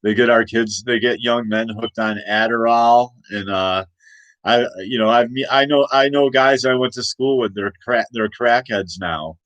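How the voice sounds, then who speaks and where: A man's voice: mid-range voice, fairly even intonation, normal speed, fairly bright tone, no room sound, muffled recording. A man hosting a casual political rant in a rambling way, with many restarts and laughs at his own points. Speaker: host.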